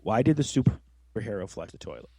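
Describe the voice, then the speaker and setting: A man's voice: lowish voice, animated, brisk, vocal fry, a little mellow, slightly rough, dry recording. A man co-hosting a podcast in casual comic banter, pushy and teasing, swearing freely. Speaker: podcast co-host.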